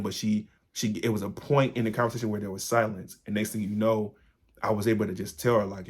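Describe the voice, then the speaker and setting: A man's voice: on the low side, flat delivery, brisk. A man hosting a solo podcast, talking in an earnest, confiding way and telling stories loosely with frequent asides to his listeners. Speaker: podcast host. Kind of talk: candid solo talk.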